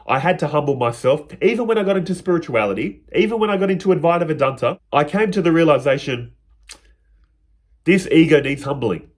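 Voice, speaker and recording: A man's voice: on the high side, animated, fairly quick. A man teaching on spirituality in a reflective, spoken style, retelling a parable and slipping into the characters' quoted lines.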